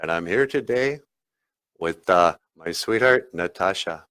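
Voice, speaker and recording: A man's voice: mid-range voice, sing-song, takes it slowly, a bit bright, clear, resonant tone. Jokey, rambling male podcast host. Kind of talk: comedic podcast banter.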